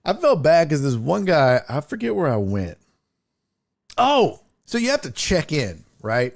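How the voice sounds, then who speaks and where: A man hosting a stream, telling stories in casual chat with profanity and big, lively swings in his voice. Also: moderate pace. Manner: animated, profane storytelling with big pitch jumps. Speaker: streamer host.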